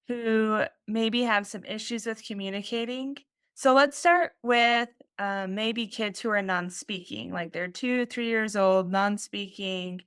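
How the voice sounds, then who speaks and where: Smooth-voiced woman hosting a podcast. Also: fairly high pitch, a bit bright, dry recording, studio quality. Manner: enthusiastic, rambling questions. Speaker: podcast host. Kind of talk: casual interview conversation.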